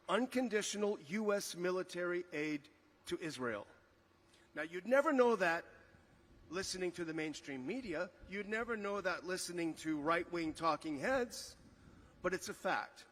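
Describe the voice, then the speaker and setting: A middle-aged man giving an outdoor rally speech on a stage microphone, emphatic, repeating key figures, with frequent fillers. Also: sits high. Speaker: rally speaker. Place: outdoor rally on a memorial ground.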